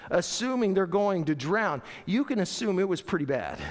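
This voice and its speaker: A middle-aged male pastor preaching a sermon in a church, animated and playful, acting out voices with laughter. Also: high-pitched, normal speed. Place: church sanctuary. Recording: long church reverb.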